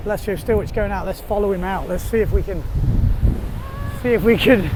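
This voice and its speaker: A man giving casual, excitable running commentary while windsurfing outdoors on the sea, laughing often. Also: high voice, brisk. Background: wind noise.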